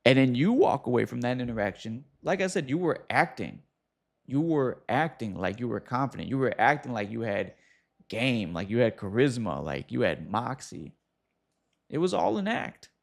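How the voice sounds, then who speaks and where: A man hosting a casual advice talk, speaking straight to the viewer with quick asides and acted-out examples. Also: mid-range voice, big pitch swings, creaky. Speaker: host.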